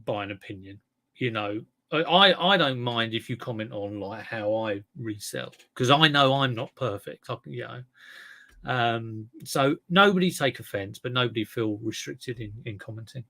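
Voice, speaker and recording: A man's voice: medium pitch, lively intonation, moderate pace, creaky, sharp tone. A man hosting a casual livestream, reading chat comments and rambling with lots of restarts and fillers. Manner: rambling, self-correcting, chatty.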